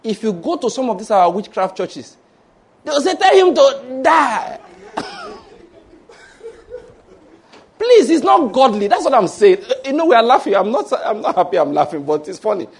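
A man with a Nigerian English accent preaching a sermon, telling stories, acting out voices and breaking into shouted mock prayers. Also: sits high, big pitch swings, brisk, few pauses, slightly rough. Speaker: pastor.

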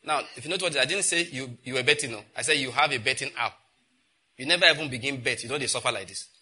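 A middle-aged Nigerian man preaching a sermon, telling stories and acting out conversations in an animated way. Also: quick pace, slightly rough. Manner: animated storytelling, acts out exchanges with rising pitch and laughter. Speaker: pastor.

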